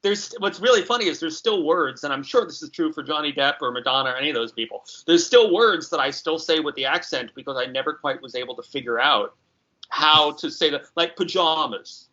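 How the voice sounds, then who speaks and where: A talkative, animated man from New York in a casual podcast conversation. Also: a little high, a little fast, muffled recording. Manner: animated, talkative, chuckles often.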